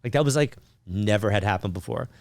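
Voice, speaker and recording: A man with a fairly low voice tells a personal story as a podcast guest, chatty and loose, sprinkling in fillers. He acts out bits of remembered dialogue with lively energy. The sound is dry and close, with no room echo. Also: fast, vocal fry. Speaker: podcast guest, psychic medium. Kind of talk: casual storytelling interview.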